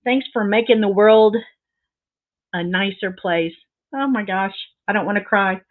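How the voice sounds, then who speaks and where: Gushing and sentimental, a woman hosting a casual crafting stream rambles to her viewers with frequent fillers. Her medium-pitched voice moves at a measured pace, and the recording has a tinny, phone-like sound.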